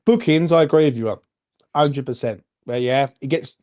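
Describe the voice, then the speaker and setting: Man, casual football chat, animated, chatty, mellow dark voice. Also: medium pitch, moderate pace. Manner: animated, chatty, says "mate" a lot. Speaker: fan channel co-host.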